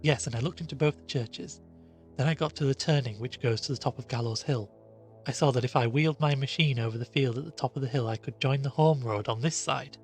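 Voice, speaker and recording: A man doing a rueful gentleman telling his ordeal. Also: mid-range voice, a little fast, faint music behind, natural voice. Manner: rueful, animated storytelling. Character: young gentleman cyclist, shaken and rueful.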